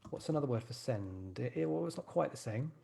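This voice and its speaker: Gravelly-voiced man teaching a writing class. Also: medium pitch, animated, fast, warm tone. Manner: encouraging, thinks aloud while typing. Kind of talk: live online class.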